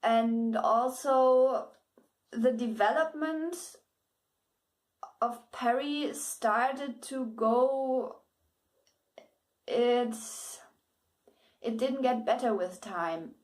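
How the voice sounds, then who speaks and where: A woman's voice: a little high, drawn-out words, pauses often. A woman with German as her first language gives a casual spoken book review, hesitant, with many fillers, restarts and bits of laughter.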